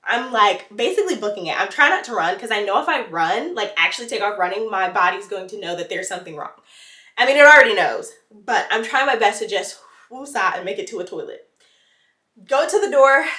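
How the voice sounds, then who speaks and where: A woman's voice: fairly high pitch, reverberant, far from the mic. Chatty woman telling a storytime. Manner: animated, dramatic storytelling with slang. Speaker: vlogger. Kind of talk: casual storytime chat.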